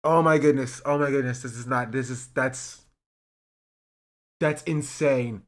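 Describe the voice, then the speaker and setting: A man's voice: mid-range voice, fairly even intonation, unhurried. A streamer reacting to a video clip, laughing and incredulous, talking to his chat. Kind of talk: livestream reaction commentary.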